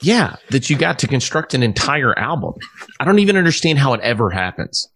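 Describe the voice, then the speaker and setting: A man's voice: mid-range voice, big pitch swings, a little fast, a bit bright. A man hosting a casual podcast chat, rambling and swearing freely with lots of restarts. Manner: rambling and profane, with many restarts. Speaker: podcast host, musician.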